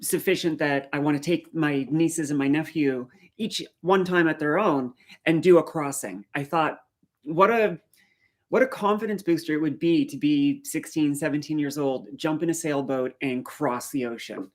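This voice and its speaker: A woman's voice: sits low, moderate pace, darkish tone. Middle-aged woman from the maritimes, faint accent left, live stream chat, talks back to viewer comments. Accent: faint Maritime Canadian. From Canadian Maritimes. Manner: chatty, answers viewer comments as she goes.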